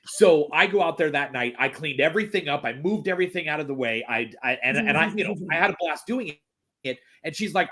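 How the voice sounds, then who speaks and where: A man's voice: fairly high pitch, animated, quick pace, sharp tone. A man chatting casually as a podcast guest, rambling with many restarts and fillers. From Texas. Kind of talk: casual chat.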